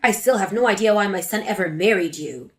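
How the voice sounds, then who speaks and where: A woman's voice: mid-range voice, a little fast, pitched below the performer's own voice, close to an everyday voice. A woman voicing a spiteful, scornful older mother-in-law in a dramatic story reading. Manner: sneering, contemptuous.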